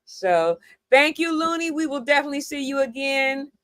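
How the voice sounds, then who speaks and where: A woman from New York hosting a casual chat show, chatty and quick to laugh. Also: high voice, expressive, over a noisy crowd. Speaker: show host.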